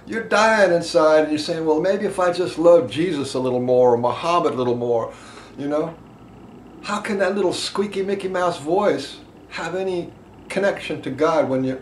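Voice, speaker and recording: A man teaching a group about emotional release, impassioned, swinging between loud emphasis and quiet asides. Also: fairly high pitch. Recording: echoey room with faint background noise.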